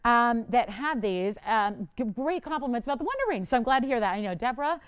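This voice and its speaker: A woman's voice: on the high side, expressive, fast talker, clear, resonant tone, dull audio. A middle-aged woman hosting a live home-shopping jewelry show, talking in a chatty, enthusiastic and emphatic selling manner.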